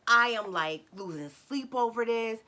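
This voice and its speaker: In a slightly high, unhurried voice, a woman casually and animatedly tells her viewers a personal story, acting out people's words and talking straight to her audience.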